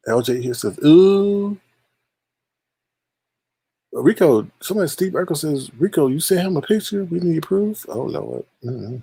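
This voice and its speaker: Male livestream host with a gravelly, raspy voice; playful, shady gossip commentary while reading chat. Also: fairly high pitch, expressive, unhurried, pauses often, mellow, dry recording.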